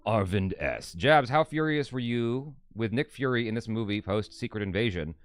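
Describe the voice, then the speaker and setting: Male co-host, low and lively voice, dry close sound, casual live-stream banter over chat. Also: normal speed, no echo. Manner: animated, reads viewer comments aloud.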